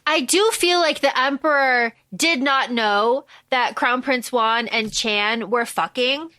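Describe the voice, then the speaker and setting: A woman co-hosting a podcast, casually retelling a movie plot with lively, profane storytelling and acted-out character lines. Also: on the high side, slow, dry recording. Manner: animated storytelling, acts out characters' lines, swears freely. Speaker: podcast co-host. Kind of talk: casual movie recap chat.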